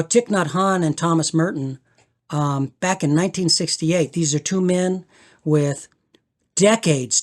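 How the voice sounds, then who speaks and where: Appearing as a guest on a spiritual podcast, an older man with a fairly high voice speaks reflectively and earnestly. He often restarts and repeats words while searching for them, slows down for emphasis, and swells when moved.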